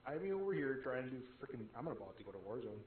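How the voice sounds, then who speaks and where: Deadpan man in his thirties, tinny. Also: medium pitch, quick pace. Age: 30s. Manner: dry, flat delivery. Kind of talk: casual gaming chat. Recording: tinny phone-like voice chat line.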